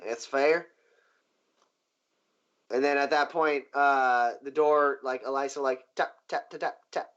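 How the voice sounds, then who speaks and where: A man narrating a tabletop game as game master in a relaxed way, full of fillers and little sound effects. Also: medium pitch, unhurried, pauses often, smooth. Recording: muffled lo-fi recording.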